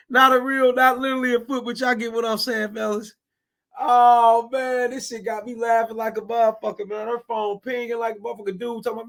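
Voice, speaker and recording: A man's voice: very high voice, little pitch movement, a little fast, vocal fry, fairly bright tone. A man giving casual reaction commentary, profane and exclamatory, talking to viewers as fellas.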